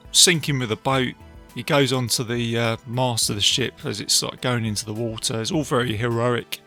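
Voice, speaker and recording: A man talks through a film review on his own podcast, rambling a little and retelling scenes with plenty of fillers. His voice is bright and edged, with a steady gravelly fry. Faint music plays behind him. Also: mid-range voice. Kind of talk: casual solo film review. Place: beach outdoors.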